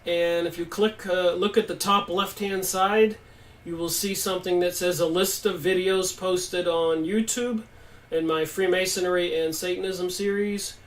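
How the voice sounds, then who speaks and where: Male live stream host, emphatic, answers viewer comments; high pitch, distant mic. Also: steady tone, unhurried.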